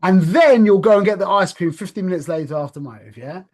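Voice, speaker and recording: Guy giving a loose spiritual talk, kinda higher voice, keeps going "yeah?" and restarting himself. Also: quick pace. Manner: conversational, frequent "yeah?" check-ins, restarts. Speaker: religious speaker.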